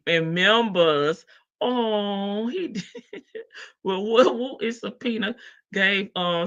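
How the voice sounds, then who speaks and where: A woman with a Southern US accent hosts a casual livestream, gossiping, laughing and teasing the people in her chat. Her mid-range voice is a bit bright, with no room sound, and the stream audio is dull and lo-fi.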